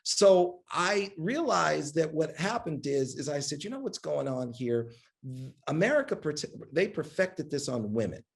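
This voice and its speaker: Gravelly man telling a lively story. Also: on the high side, a little slow. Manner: acts out quoted voices, lively and emphatic. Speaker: guest, media executive. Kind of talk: animated storytelling in a live conversation. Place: event hall on stage.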